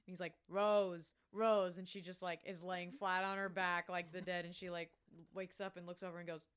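A woman's voice: lowish voice, level tone, brisk, a bit bright, clear, resonant tone. A woman co-hosting a casual podcast, bluntly retelling a movie scene with wry humor. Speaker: podcast co-host. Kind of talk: casual movie-recap chat.

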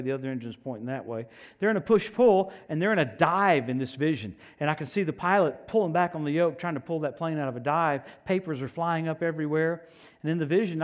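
A man preaching a sermon, telling personal stories with animated swings from loud proclamations to hushed asides. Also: a little high. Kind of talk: sermon with storytelling.

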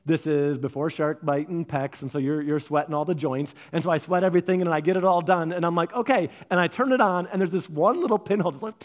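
A man's voice: on the high side, fast, hardly any pauses. A man preaching a sermon, telling personal stories and acting out his own reactions. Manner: animated storyteller, acts out his own reactions. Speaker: pastor.

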